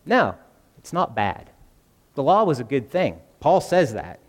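A man's voice: medium pitch, sing-song, unhurried, big-room sound. A man preaching a conversational sermon, often asking the congregation questions. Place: church.

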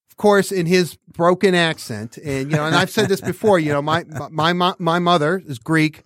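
A man with a fairly high voice hosts a casual sports podcast. He rambles and restarts his sentences often, and the sound is dry and close. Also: normal speed, few pauses, fairly bright tone, dry recording. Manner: rambling, many restarts, laughs while talking. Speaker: podcast host.

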